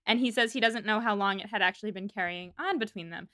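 Woman co-host, casual book chat, bright voice, dry close sound. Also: mid-range voice, dry recording. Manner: chatty, reads passages aloud, quick asides. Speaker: podcast co-host. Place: apartment room in a city.

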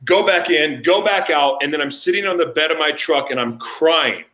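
A man hosting a casual chat, telling candid stories in an animated way. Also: on the high side, normal speed, echoey room.

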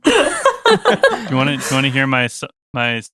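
A young man, a touring musician, telling a story in an animated, casual way with lots of restarts and laughs. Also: mid-range voice, a little fast, smooth.

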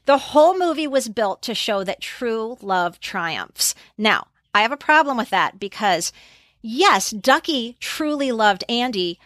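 Woman, podcast host, casual movie chat, animated storyteller, dry recording. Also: fairly high pitch, measured pace, dry recording. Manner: animated storyteller, retells scenes.

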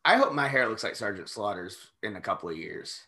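A man's voice: fairly low pitch, fairly quick. A man co-hosting a podcast, watching an old wrestling match and joking around in casual, profane chat. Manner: animated, profane, jokey riffing. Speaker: podcast co-host.

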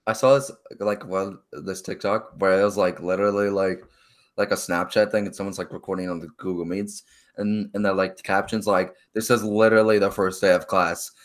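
A man's voice: sits low, a little fast. A young man in his late teens co-hosting a casual podcast, telling stories with lots of fillers and acting out the voices. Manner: animated storyteller, acts out voices, many fillers. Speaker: podcast co-host. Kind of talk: casual chat.

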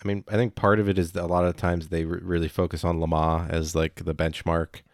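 A man chatting casually as a podcast co-host, rambling and halting with many fillers. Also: low-pitched, little pitch movement, dry recording, studio quality. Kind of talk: casual chat.

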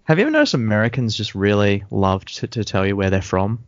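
A man's voice: fairly low pitch, big pitch swings, fast, no echo. Joking man ranting on a podcast. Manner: sarcastic, joking rants with laughter. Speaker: podcast co-host recapping a show. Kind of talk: casual chat. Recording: dull lo-fi sound.

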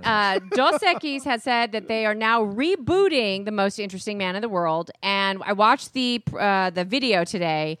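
A woman's voice: medium pitch, lively intonation, normal speed, hardly any pauses, a bit bright, clear, resonant tone, no room sound. Chatty woman co-host, dry studio mic. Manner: chatty, recounting a news item with frequent laughs. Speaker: sports radio co-host. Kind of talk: casual studio banter.

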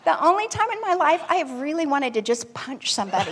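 A woman telling a personal story to an audience in a lively, animated way. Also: sits high, quick pace, in a large hall, heavy background noise.

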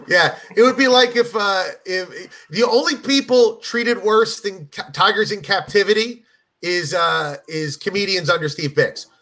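A man's voice: sits high, unhurried. A middle-aged man, a comedian guest, telling an anecdote in casual chat and acting out voices as he goes. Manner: animated storyteller, acts out voices in anecdotes.

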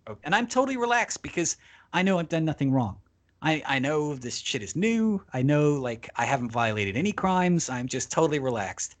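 A man telling a long travel story as a podcast guest, casual and animated, swearing freely and acting out the people he quotes. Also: on the high side, moderate pace.

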